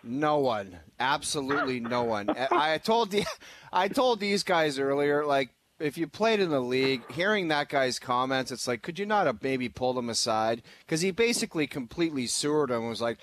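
A man's voice: medium pitch, expressive, moderate pace, fairly bright tone, a little hiss or hum. A man co-hosting a sports radio show, chatting casually and mimicking people in exaggerated voices. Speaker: radio co-host. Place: radio studio.

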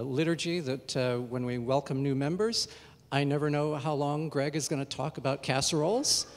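A man, a church organist, talking casually to his audience between pieces with plenty of ums and uhs. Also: mid-range voice. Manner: relaxed, chatty, frequent ums and uhs. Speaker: church organist giving a recital. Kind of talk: casual spoken introduction to the audience. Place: church sanctuary. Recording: long church reverb, voice heard from afar.

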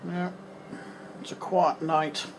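An English man with a slightly high voice, chatting away to himself as he sorts through his bedroom. He rambles loosely and drops sentences halfway. There is a faint hum of room ambience behind him. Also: level tone, slow, gravelly. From England. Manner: rambling, muttering to himself, trailing off mid-thought. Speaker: vlogger. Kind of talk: casual running commentary while tidying.

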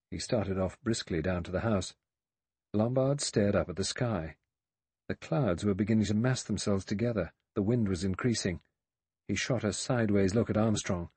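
A man over sixty narrating a mystery audiobook in a measured, even way. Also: lowish voice, breathy edge, dry recording. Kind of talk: scripted narration.

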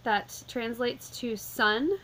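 A woman walking through a vocabulary lesson, explaining calmly and methodically, step by step. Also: on the high side, slow, slight background noise, low-quality recording. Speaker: Latin teacher.

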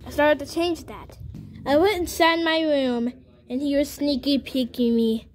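A small, naive baby toy rambles earnestly through its tale, as a woman plays it out in a homemade toy story. The voice sits high and the telling drags along slowly, stopping and restarting often. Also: fairly even intonation, soft background music. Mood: plain.

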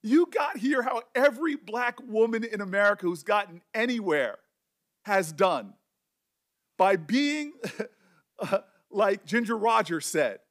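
A man's voice: high voice, animated, fairly bright tone. A middle-aged man, a senator, speaking with emotion and passion at a hearing, often restarting his words. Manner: emotional, impassioned, halting restarts. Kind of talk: speech at a hearing.

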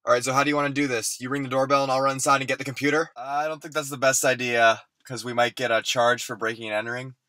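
A man doing a comic parody vlog skit, talking mock-serious and getting hyper, sometimes shouting. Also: mid-range voice, steady tone, quick pace, few pauses, dry recording, poor audio. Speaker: parody vlogger.

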